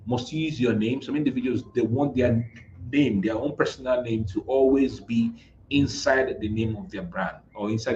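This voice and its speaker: A man's voice: fairly low pitch, darkish tone. A Nigerian man coaching on marketing, emphatic and repetitive, often checking in with "right?" as he explains. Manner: emphatic, repeats words, frequent "right?" tag questions. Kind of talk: motivational business talk. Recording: echoey, dull lo-fi room sound with faint noise.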